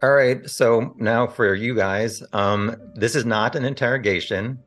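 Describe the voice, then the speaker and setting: A man hosting an interview, asking frank, measured questions in a casual tone. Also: mid-range voice, fairly bright tone, soft background music.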